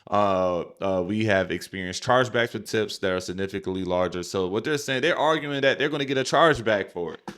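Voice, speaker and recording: A man's voice: lowish voice, a little fast, a bit bright. A man hosting a reaction show, talking in an emphatic, slangy, exasperated way. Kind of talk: casual reaction commentary.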